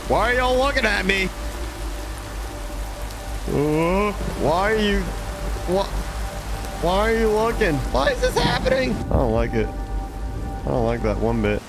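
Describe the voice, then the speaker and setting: A man talks through a spooky game, his pitch bouncing all over the place. He yelps and shouts whenever he's startled, over loud background music. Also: wildly swooping pitch, a little slow, gravelly, long pauses. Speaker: gaming YouTuber. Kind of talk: reactive horror game commentary.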